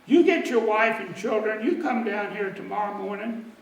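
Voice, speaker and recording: A man's voice: high-pitched, animated, normal speed, creaky, echoey room, recorded from a distance, a little hiss or hum, rough recording. A man doing a hearty farm father. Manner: hearty, exclaiming. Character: jolly rural farmer father, generous and loud.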